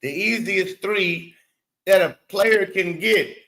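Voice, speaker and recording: High-voiced man ranting about basketball. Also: takes it slowly, sharp tone, rough recording. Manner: blunt, profane, exasperated rants; repeats words for emphasis. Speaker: sports show host. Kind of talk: casual basketball commentary.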